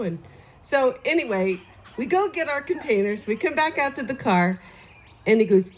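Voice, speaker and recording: A woman's voice: high voice, expressive, normal speed, a little mellow. Chatty woman giving a eulogy. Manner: chatty, with fillers and laughing asides. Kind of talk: storytelling speech at a memorial. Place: neighborhood gathering. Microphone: microphone.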